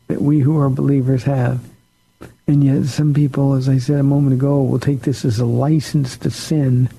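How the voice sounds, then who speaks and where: A man's voice: medium pitch, level tone, normal speed, gravelly, dark tone, slightly rough, low-quality recording. A pastor on a call-in radio show, a man answering listener questions in an earnest, plain-spoken way.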